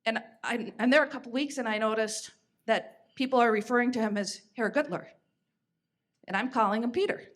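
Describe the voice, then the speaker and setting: A US woman in her fifties hosts a podcast, her voice a little high and fairly quick. She tells stories in a chatty, conversational way, full of fillers and restarts.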